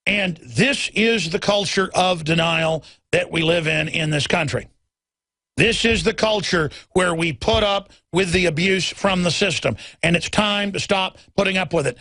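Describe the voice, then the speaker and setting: A man's voice: sits high, unhurried, sharp tone, no echo. A middle-aged male talk show host delivering an impassioned monologue. He rants and acts out other people's lines as he goes.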